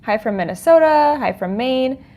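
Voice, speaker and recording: A woman's voice: high-pitched, animated, moderate pace, warm tone. A woman hosting a livestream from home, greeting viewers and reading their chat comments with frequent laughs. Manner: bubbly, laughs often, reads chat comments aloud. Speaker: podcast host on a livestream. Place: home, dog nearby. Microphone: desk microphone.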